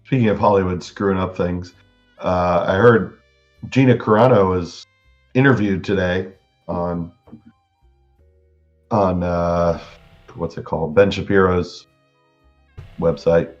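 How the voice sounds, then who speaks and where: A man's voice: deep voice, fairly even intonation, slow pace, long pauses, a little mellow, muffled recording, faint music behind. A man co-hosting a casual podcast chat, laid-back and often answering with short replies. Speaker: podcast co-host.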